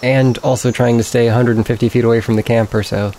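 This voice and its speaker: A man narrating as game master, calm and matter-of-fact as he rules and sets the scene. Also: medium pitch, quick pace, slight background noise, poor audio.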